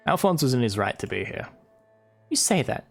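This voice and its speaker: A man's voice: mid-range voice, sing-song, normal speed, gravelly, a bit bright, soft background music. Man streaming a game, wry asides. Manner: wry, reads dialogue aloud with asides. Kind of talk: live gameplay commentary, reading game text aloud.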